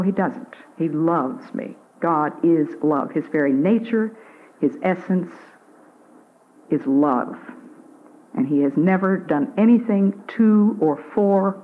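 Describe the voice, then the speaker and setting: An older woman giving a devotional talk on the radio, earnest and measured, pausing to stress single words. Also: on the low side, a little mellow, poor audio. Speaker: Christian speaker.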